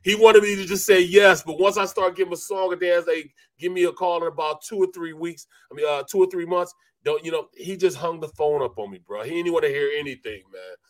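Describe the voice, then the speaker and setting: A man's voice: fairly high pitch, a little fast, hardly any pauses, fairly bright tone. Laid-back middle-aged man telling stories. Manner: laid-back, says bro and man a lot, acts out quotes. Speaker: former NFL lineman, co-host. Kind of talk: casual storytelling chat.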